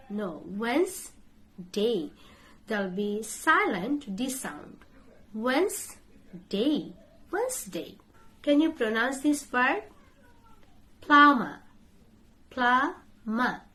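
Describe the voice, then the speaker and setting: A woman's voice: on the high side, fairly bright tone. A woman teaching English pronunciation. She spells words out letter by letter and repeats each one many times as she corrects common mistakes. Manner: corrects common mispronunciations in short drill phrases. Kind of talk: pronunciation lesson.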